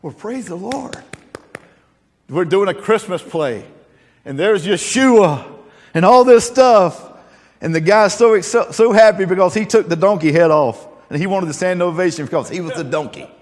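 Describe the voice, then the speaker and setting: A man's voice: high voice, moderate pace, darkish tone, long reverb tail. A male pastor preaching a sermon, folksy and joking, then earnest and emphatic.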